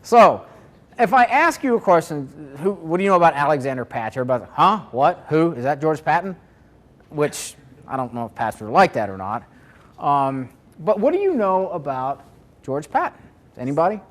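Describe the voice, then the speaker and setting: A man's voice: fairly high pitch, very animated, a little fast. Man presenting a seminar to a live audience. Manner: conversational, asks the audience questions.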